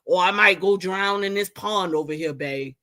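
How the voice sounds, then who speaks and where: A woman's voice: lowish voice, normal speed, sharp tone, pitched below the performer's own voice. A woman doing a drawling, sarcastic boyfriend voice. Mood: mocking. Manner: mocking, drawling. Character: sarcastic boyfriend calling everyone babe.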